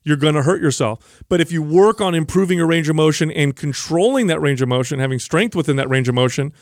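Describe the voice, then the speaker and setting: Emphatic, fairly high-voiced man explaining. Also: fast, no room sound, clean studio sound. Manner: emphatic, explanatory, corrects misconceptions. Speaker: podcast co-host. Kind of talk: casual fitness podcast discussion.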